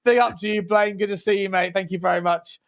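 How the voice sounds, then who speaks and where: A man co-hosting a football talk livestream, chatty and upbeat, with blunt opinions and quick shout-outs to viewers. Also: sits high, steady tone, gravelly. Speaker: co-host.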